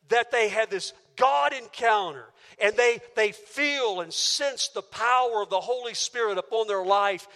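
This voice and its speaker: A man's voice: sits high, bright, forceful tone, in a large hall. A man preaching a sermon to a church auditorium, emphatic and driving his points home with rhetorical questions. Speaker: pastor.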